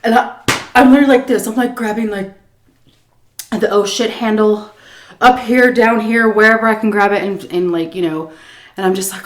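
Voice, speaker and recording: A woman telling a casual story-time tale as a food vlogger, animated and full of fillers, acting out scenes as she goes. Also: medium pitch, normal speed, pauses often. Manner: animated, lots of fillers and laughs, acts scenes out.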